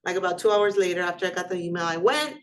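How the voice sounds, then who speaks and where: A woman's voice: lowish voice, quick pace. A woman instructor giving a classroom lecture in a conversational way, often putting questions to her students.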